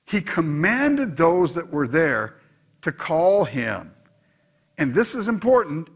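A man preaching a sermon in a husky, slightly raised voice. His pitch swings widely, sinking low for hushed asides and climbing high when he presses a point. He talks to a congregation in an animated, exhorting way. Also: takes it slowly. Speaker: pastor.

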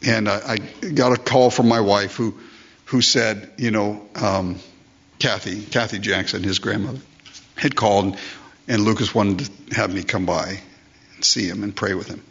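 A man's voice: on the low side, fairly even intonation, normal speed, fairly bright tone, breathy edge, highs cut off. An older man preaching a sermon as pastor, emphatic, repeating phrases and asking rhetorical questions.

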